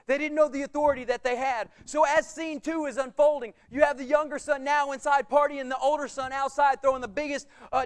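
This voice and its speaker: A middle-aged pastor preaches with a very high, smooth, clear voice. He acts out the quoted voices and moves between loud, pressing lines and hushed ones. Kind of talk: sermon.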